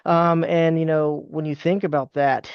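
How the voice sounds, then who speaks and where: A man from the American South talks things through in a thoughtful, halting way, leaning on fillers as he goes. His voice sits a little high and has a gravelly edge. The sound is dull and lo-fi, and the room sounds dry. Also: level tone, no echo. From Southern United States. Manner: thoughtful, hesitant, many fillers. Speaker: resident historian guest. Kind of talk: casual podcast discussion.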